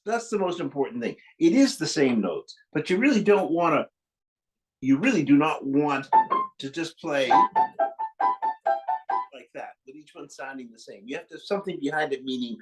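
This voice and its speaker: With a fairly high pitch and lively intonation at a normal speed, a man gives piano masterclass coaching to a young student, cheering them on and demonstrating passages. The audio is poor, recorded in a room with the piano loud over his voice.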